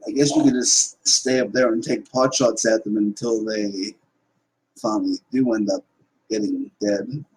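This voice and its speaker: A man playing a tabletop game, offering calm, somewhat hesitant suggestions. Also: on the low side, a little slow, breathy edge, low-quality recording. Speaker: player. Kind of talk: casual tabletop game talk.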